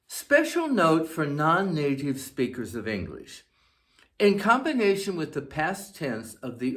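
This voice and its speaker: A man teaching a scripted grammar lesson, speaking slowly and enunciating each word with care. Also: on the high side, fairly bright tone. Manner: slow, deliberate, carefully enunciated. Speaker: language teacher.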